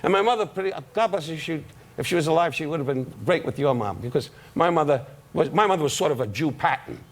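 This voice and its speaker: A man's voice: a little high, lively intonation, creaky. Older man trading brash insults. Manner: brash, needling, quick put-downs. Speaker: talk show guest comedian. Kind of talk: insult comedy banter. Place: television studio. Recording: studio audience laughter and noise.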